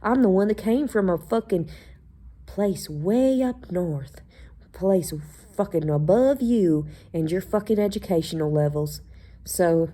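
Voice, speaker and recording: A woman with a lowish, mellow voice hosts a podcast alone. She rants in a casual monologue, sarcastic and heavy on profanity, mocking the people she talks about. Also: measured pace. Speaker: podcast host.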